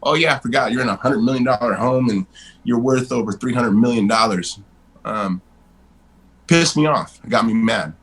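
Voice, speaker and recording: A man in his forties, a guest in a casual interview, telling stories in a blunt, animated way and swearing freely. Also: mid-range voice, normal speed, breathy edge, poor audio.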